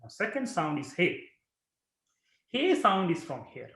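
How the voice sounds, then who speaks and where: A male yoga and meditation teacher with a high voice that swings widely in pitch. He guides breathing and chanting, sounding out long, projected syllables between his explanations. The room gives a roomy echo. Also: big pitch swings, a little slow, fairly bright tone.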